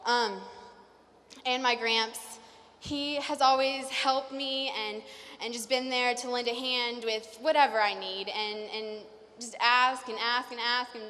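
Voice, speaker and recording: A woman's voice: fairly high pitch, fairly even intonation, bright, forceful tone. Nervous young woman. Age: young adult. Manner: nervous, fast, many fillers. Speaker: salutatorian giving a graduation speech. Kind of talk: graduation speech. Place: large hall. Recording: reverberant hall.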